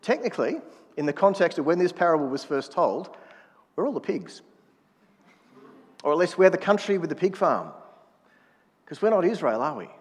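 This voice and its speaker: A man's voice: on the high side, lively intonation, brisk, husky, in a large hall. A man preaching a sermon in a conversational manner, prodding the congregation to answer back. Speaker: pastor.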